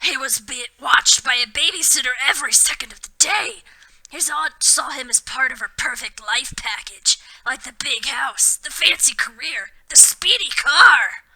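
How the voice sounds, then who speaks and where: A woman reading a gushing, indignant male half-giant groundskeeper aloud in a loud, emphatic way. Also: high voice, lively intonation, moderate pace, full character voice, rough recording.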